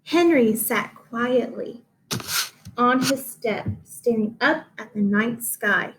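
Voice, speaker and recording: A woman reading a picture book aloud to children, slow and expressive, stopping to explain. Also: fairly high pitch, background noise.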